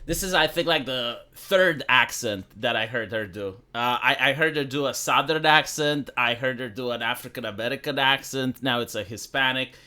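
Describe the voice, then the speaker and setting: A man's voice: medium pitch, normal speed, hardly any pauses, sharp tone. A man from Romania with a Romanian accent, live streaming a casual, sarcastic political rant full of fillers. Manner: sarcastic, filler-heavy, ranting.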